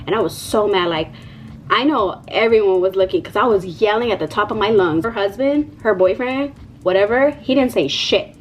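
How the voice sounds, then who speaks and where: A woman's voice: medium pitch, a little fast, slight background noise, poor audio. A young mother telling a casual, profanity-laced vlog story, full of fillers like "like" and "you know.". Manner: chatty, profane, many fillers. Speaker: vlogger, mother.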